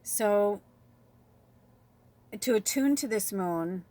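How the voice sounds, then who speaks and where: This tarot and oracle card reader has a medium-pitched, dark voice with lively intonation, yet she speaks very slowly. Her spiritual reading is casual, chatty and rambling: she reads card passages aloud, riffs on them, and addresses her viewers as "you guys."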